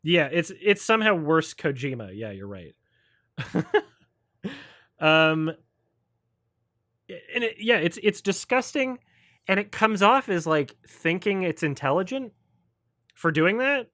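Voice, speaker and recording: A man's voice: high voice, animated, slow pace, pauses often, bright, forceful tone, dry recording, studio quality. A man hosting a livestream, ranting about films in a sarcastic, profane way and mocking people with put-on quotes. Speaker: host. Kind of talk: livestream film review chat.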